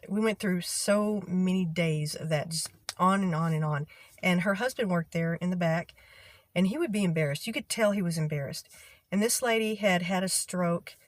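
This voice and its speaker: In a lowish voice without echo, a middle-aged woman vlogs about a work story involving a bad boss. She tells it casually but exasperated, voicing the quoted lines herself.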